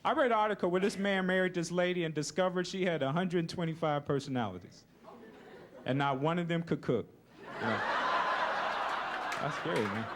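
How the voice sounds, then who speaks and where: A young man doing a laid-back stand-up comedy routine on stage. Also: high voice. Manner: laid-back, keeps saying "you know, man". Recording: noisy live recording.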